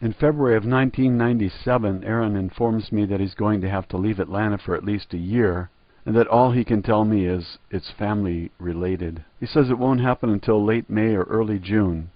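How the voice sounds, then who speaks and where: A man's voice: on the low side, fairly quick, dry recording, lo-fi sound. A man reading a first-person memoir aloud, in a blunt, profane storytelling manner. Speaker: narrator.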